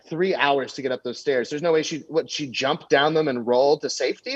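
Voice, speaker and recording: Crude, animated comedian telling a story. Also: male voice, fairly high pitch, a little fast, hardly any pauses, husky, dry recording, highs cut off. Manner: animated, crude anecdote telling with many fillers. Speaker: comedian guest. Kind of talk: storytelling on a podcast.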